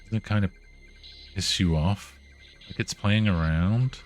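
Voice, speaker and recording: Very deep-voiced man streaming a game. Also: takes it slowly, long pauses, soft background music. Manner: reads game text aloud, swears, jokes. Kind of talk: live game-stream commentary.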